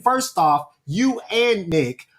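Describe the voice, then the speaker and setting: A man's voice: high-pitched, animated, takes it slowly, a bit bright. A man co-hosting a sports podcast, teasing and trash-talking his rival in a heated debate. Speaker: co-host and rival college football fan.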